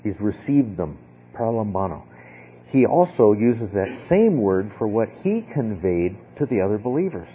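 A man's voice: fairly low pitch, sing-song, moderate pace, slight background noise. A man teaching a Bible lesson in a conversational way, often checking in with "okay?". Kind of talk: sermon. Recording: tinny phone-like sound.

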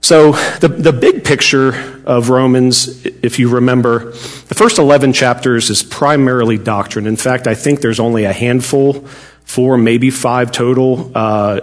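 A man teaching a Bible study lesson in a casual, conversational way, joking now and then and often restarting his sentences. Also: medium pitch.

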